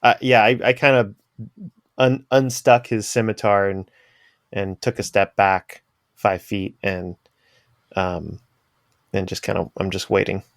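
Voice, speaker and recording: Smooth, dry-voiced man playing a tabletop game. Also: lowish voice, level tone, unhurried, long pauses, no room sound. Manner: hesitant, laughs often, narrates his character's moves. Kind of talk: casual tabletop role-play.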